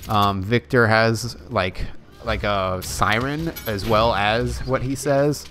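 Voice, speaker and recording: A man's voice: on the low side, steady tone, slow, a bit bright, a little hiss or hum. A young man giving casual, rambling commentary over gameplay, often correcting himself as he talks. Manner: rambling, self-correcting, chatty. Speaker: gaming YouTuber.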